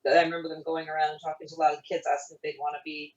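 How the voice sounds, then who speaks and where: A middle-aged woman, a former child actor, talking fast and laughing often in a casual remote interview. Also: deep voice, completely flat delivery, a little mellow. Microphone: video call. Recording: roomy, distant, dull video-call audio.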